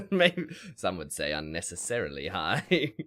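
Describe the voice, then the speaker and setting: Bright, lively male game streamer. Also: low voice, slow pace. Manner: animated, laughs often, talks to himself. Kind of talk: gameplay commentary with chat reading.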